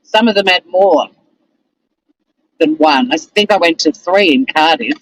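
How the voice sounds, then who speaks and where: A woman's voice: deep voice, lively intonation, measured pace, no room sound, rough recording. A woman with an Australian accent, hosting a casual live stream and chatting in a rambling, exasperated way.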